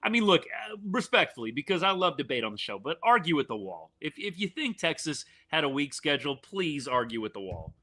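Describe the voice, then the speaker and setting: A slightly high voice, a little fast with few pauses, belongs to a man hosting a live stream reacting to a college football game. His animated, fan-driven commentary is casual and peppered with restarts.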